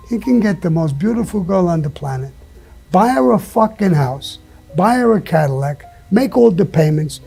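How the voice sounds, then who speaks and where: Husky man telling blunt stories. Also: sits high, warm tone. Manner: blunt, emphatic, swears often, laughs mid-story. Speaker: interview guest. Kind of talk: profane storytelling.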